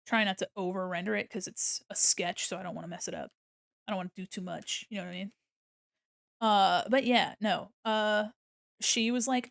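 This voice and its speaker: A woman's voice: medium pitch, steady tone, a little fast, gravelly, fairly bright tone, dry recording. A young woman streaming while she draws, chatting casually, rambling, laughing often and swearing freely. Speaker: art streamer. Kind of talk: casual live-stream chat while drawing.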